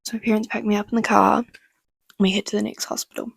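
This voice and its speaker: A woman's voice: mid-range voice, little pitch movement, fast, gravelly, a little hiss or hum. A woman vlogger telling a story in a casual, chatty way, swearing freely and using lots of fillers.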